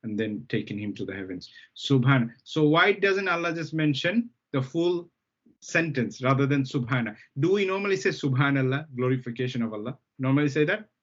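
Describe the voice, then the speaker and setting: A man's voice: mid-range voice, animated, a little fast, fairly bright tone. Patient male Arabic teacher, lo-fi. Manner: patient, repeats key terms, checks understanding with "okay?". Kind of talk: live language lesson. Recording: dull lo-fi sound.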